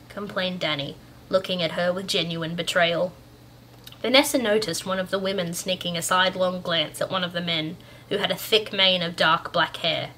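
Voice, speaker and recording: A woman reads a bedtime story in a calm, gentle, unhurried voice with a bright, clear tone. A faint room ambience hums behind her. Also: on the low side, slight background noise.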